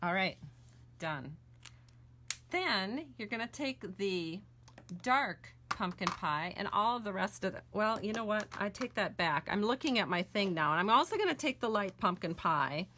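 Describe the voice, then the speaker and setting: A middle-aged American woman talks through a card-making demonstration in a relaxed, homey way. She chats as she works and corrects herself often. Her voice sits at an ordinary middle pitch. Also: moderate pace, a little hiss or hum. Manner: chatty, homey and self-correcting while coloring. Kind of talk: casual crafting tutorial with chat.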